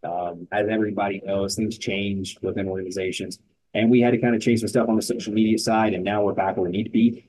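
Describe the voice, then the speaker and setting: A man's voice: on the low side, fast talker, low-quality recording. A man, founder of an endurance organization, talking as a guest in a casual podcast interview with emphatic, punchy storytelling. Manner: energetic, emphatic storytelling in short punchy sentences.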